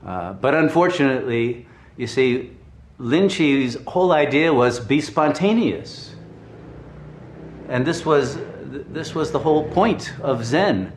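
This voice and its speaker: A man giving a spiritual talk, telling a story in an animated, chuckling way with frequent restarts. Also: mid-range voice, slow, echoey room, slight background noise. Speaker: spiritual teacher.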